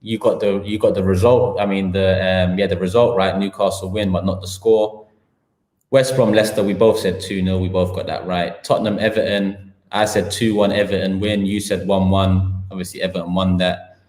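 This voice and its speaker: The host of a live football talk show, a man with a London accent, delivers a heated, slangy rant, layering his points. He sits low in pitch with a darkish, level tone and moderate pace, in an echoey room.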